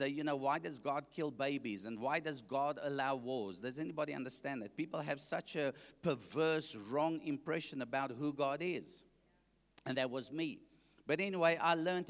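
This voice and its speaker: In a large hall, a South African evangelist with a fairly high voice preaches his testimony to a congregation, cracking jokes and putting questions to the listeners.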